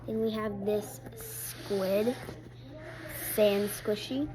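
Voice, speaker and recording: A woman's voice: medium pitch, level tone, very slow, background noise. A young woman showing her things in a casual home vlog, chatting with lots of fillers. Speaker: vlogger. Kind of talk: casual show-and-tell vlog. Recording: TV chatter in the background. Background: TV playing in the background.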